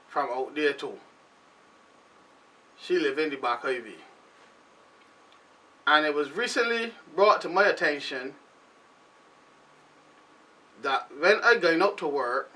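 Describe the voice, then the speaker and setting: Host type: Barbadian man, high, very bright voice, rambling talk-show monologue, recorded a bit off-mic. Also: distant mic. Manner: loose, rambling, animated delivery. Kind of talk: casual commentary monologue.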